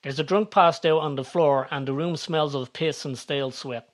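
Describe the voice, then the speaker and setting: A man's voice: on the high side, steady tone, moderate pace. Man reading a story aloud. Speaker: narrator. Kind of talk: scripted storytelling narration.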